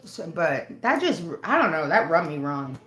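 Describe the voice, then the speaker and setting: A woman's voice: deep voice, big pitch swings, normal speed, a bit bright, soft background music. A woman livestreaming, telling a heated story in casual, profane bursts. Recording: roomy echo.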